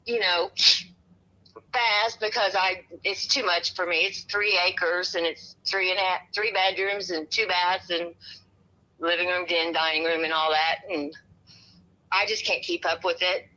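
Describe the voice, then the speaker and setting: A woman's voice: fairly low pitch, steady tone, unhurried, poor audio. A woman in her fifties selling a house over the phone, chilled and shivering, rambling from one thing to the next with many restarts. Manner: rambling, meandering, with many restarts and soft laughs. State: cold and shivering. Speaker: home seller on a phone call.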